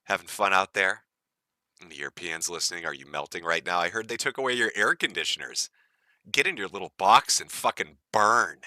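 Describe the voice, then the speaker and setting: A man's voice: low-pitched, lively intonation, fairly quick, sharp tone, no room sound, studio quality. A man from the United States hosting a live stream, ranting in a profane, mocking and gleeful way. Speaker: stream host.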